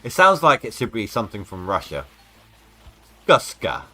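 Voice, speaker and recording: A man in a casual gameplay live stream, rambling and joking as he thinks aloud. His voice sits low but has a bright, forceful edge. Faint music plays behind him. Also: big pitch swings, fast.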